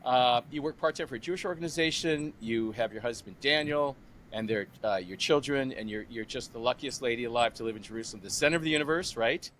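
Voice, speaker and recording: A man in his sixties hosting a podcast interview, chatty and animated, acting out conversations as he retells them. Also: mid-range voice, fast, a little hiss or hum. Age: 60s. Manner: animated, retells phone calls with lively imitated voices. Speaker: podcast host. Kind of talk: casual interview.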